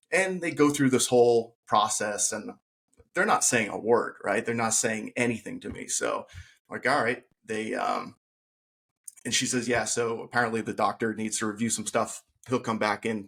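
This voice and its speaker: A man with a lowish, slightly bright voice appears as a guest on a podcast. In conversation he earnestly tells his own story, acting out the things people said to him.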